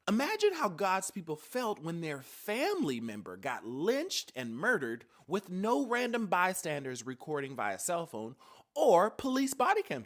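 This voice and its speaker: A woman delivering a comedic monologue in a video clip, dramatic and swinging between quiet asides and sudden outbursts. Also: fairly low pitch.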